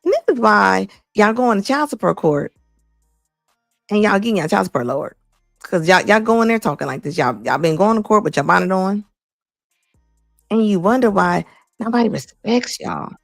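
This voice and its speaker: Blunt gravelly woman commentator. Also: medium pitch, lively intonation, moderate pace, long pauses, no echo, studio quality, faint music behind. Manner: blunt, emphatic, repeats lines for effect. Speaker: commentary host. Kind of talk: casual reaction commentary.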